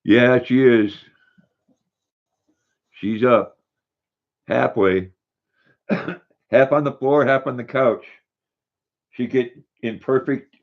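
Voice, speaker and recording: A man's voice: mid-range voice, steady tone, drawn-out words, long pauses, phone-quality sound. An older man hosting a casual livestream, reading viewer comments aloud and cooing baby talk to his dog. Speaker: livestream host.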